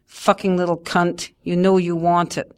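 A woman's voice: lowish voice, level tone, normal speed, close to an everyday voice. A woman doing a crude leering stepfather. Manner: coarse, demanding.

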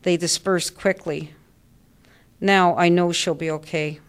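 A woman reading her own first-person story aloud with a measured, understated delivery. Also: fairly low pitch, steady tone.

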